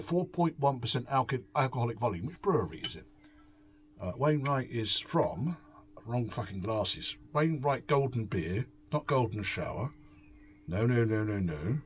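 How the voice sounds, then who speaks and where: Reading an article aloud so he can mock it, this man sighs, swears and turns sarcastic while hosting a beery, rambling review from home. He talks at a moderate pace in a medium, sing-song voice, with a bit of background noise.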